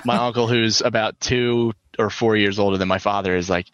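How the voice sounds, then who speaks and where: A man on a podcast casually telling a profane family story, doing loud voices for the people in it. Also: fairly low pitch, fairly even intonation, a little fast, smooth, no echo, dull audio. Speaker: podcast co-host.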